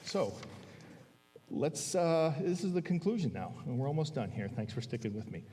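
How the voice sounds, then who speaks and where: A man's voice: fairly high pitch, very animated, normal speed, mellow, distant mic, slight background noise. A man preaching a sermon in a church, conversational, often checking in with "all right?". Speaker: guest preacher. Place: church sanctuary. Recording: long church hall reverb.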